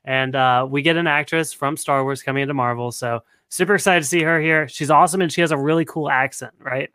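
A man hosting a podcast, keen and talkative as he hands the discussion to his guests. His voice is bright and forceful. The recording is dry and close, with no room sound. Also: on the high side, fairly even intonation, fast, clean tone, no echo. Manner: enthusiastic, steers discussion. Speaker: podcast host. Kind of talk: casual panel chat.

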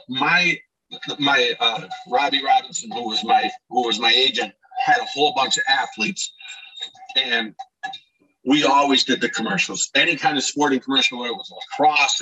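Bright-voiced man telling animated stories. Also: medium pitch, slightly rough, far from the mic, poor audio. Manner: animated, acts out shouted quotes, many restarts. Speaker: guest, former ballplayer telling stories. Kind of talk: casual storytelling interview.

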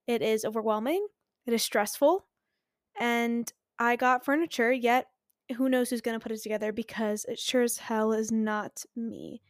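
A woman in her twenties hosts a casual solo podcast. She is candid and pokes fun at herself, laughing often. Her voice sits fairly high and sounds dry and close. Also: normal speed, dry recording. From Philadelphia. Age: 20s. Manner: chatty, candid and self-mocking, laughs often. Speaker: podcast host.

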